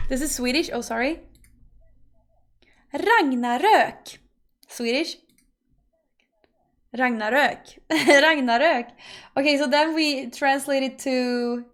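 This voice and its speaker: A woman streamer chatting casually and rambling to her viewers, now and then breaking into loud laughing rants. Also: on the high side.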